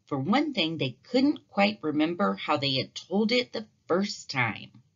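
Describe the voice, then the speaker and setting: A woman teacher reading a children's storybook aloud, slow and expressive. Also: fairly low pitch, breathy edge. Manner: slow, warm and expressive narration. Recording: dull lo-fi recording.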